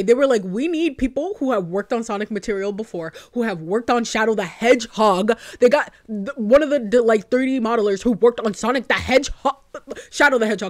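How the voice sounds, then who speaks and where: A young woman YouTuber giving casual fan commentary, gushing and rambling, often breaking into laughs. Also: a little high.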